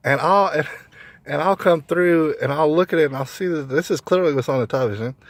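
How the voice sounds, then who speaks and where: A man's voice: on the high side, brisk, no room sound. A man talking straight to camera in an opinionated monologue, emphatic, often repeating points and restarting sentences. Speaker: vlogger.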